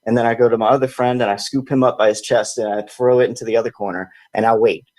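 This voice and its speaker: A man telling a personal story in a casual, animated way, acting out what his friends said. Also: quick pace, no room sound. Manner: animated, acts out quoted friends in higher voices. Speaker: podcast host.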